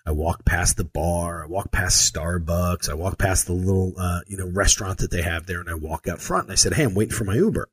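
A man telling a long personal story in a casual monologue, animated and acting out the quoted lines, with frequent fillers and restarts. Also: on the low side, husky. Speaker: storyteller recounting a trip.

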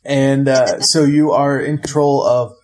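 A man from Ohio, co-hosting a casual board game podcast, explaining games in a relaxed, rambling way. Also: medium pitch, unhurried. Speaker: podcast co-host.

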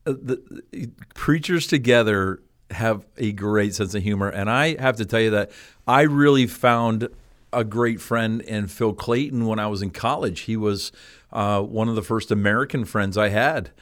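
A man's voice: fairly low pitch, moderate pace, fairly bright tone. A man from Canada, a pastor, reminiscing with enthusiasm in casual conversation. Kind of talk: casual chat.

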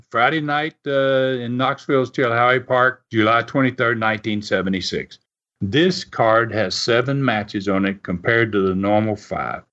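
A man's voice: medium pitch, fairly bright tone. A man telling wrestling stories on a podcast in a casual, rambling way, full of fillers and restarts. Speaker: podcast co-host and storyteller. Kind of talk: casual storytelling. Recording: dull lo-fi sound.

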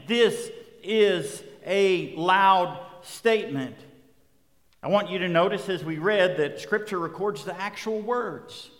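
A man preaching a sermon, building emphatic repeated refrains that rise toward loud peaks. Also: high voice, long reverb tail. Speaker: pastor.

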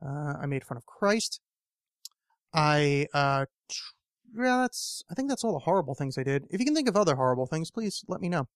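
Rambling, cursing man, slightly high voice. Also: very animated, moderate pace, no room sound, studio quality. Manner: rambling, profane, full of fillers and restarts. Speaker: podcast host. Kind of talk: casual solo podcast rambling.

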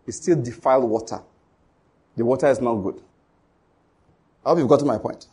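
Husky, emphatic preacher man. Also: mid-range voice, normal speed, warm tone. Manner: emphatic, repetitive, asks the congregation questions. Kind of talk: sermon.

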